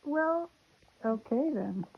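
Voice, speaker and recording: A woman's voice: on the high side, animated, takes it slowly, creaky, breathy edge. Teasing woman, tinny phone-like sound. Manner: teasing, laughs often. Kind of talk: casual family chat. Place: home.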